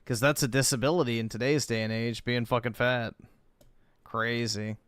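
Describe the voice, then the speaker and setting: A man's voice: mid-range voice, fairly even intonation, normal speed, fairly bright tone, clear, resonant tone, no room sound. A man giving blunt, crude and contemptuous commentary on a reaction stream.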